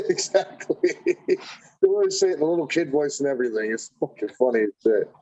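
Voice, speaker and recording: Mellow man on dull lo-fi audio. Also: fairly high pitch, expressive, fast. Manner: laughing, profane banter. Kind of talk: casual chat.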